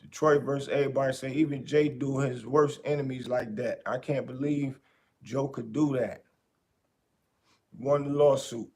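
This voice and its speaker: A podcast host talking in a casual, animated way, repeating his points for emphasis. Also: medium pitch, normal speed, slight background noise. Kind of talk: casual commentary.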